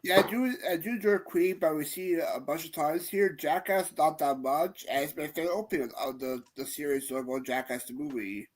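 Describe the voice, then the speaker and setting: A man giving his picks as a panelist, earnest and a bit halting. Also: fairly high pitch. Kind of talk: casual group chat.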